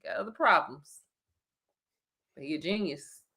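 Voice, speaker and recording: A woman with a Philadelphia accent co-hosting a live chat show, talking in an animated, emotional way and breaking into song now and then. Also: lowish voice, a little slow. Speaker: podcast co-host.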